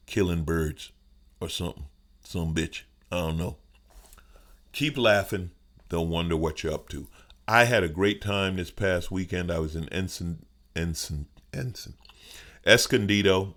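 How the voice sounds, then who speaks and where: A middle-aged man with a smooth voice, hosting his own podcast as a joking, conversational comedic monologue. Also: fairly bright tone. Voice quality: smooth deep voice. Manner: joking, conversational, playful asides.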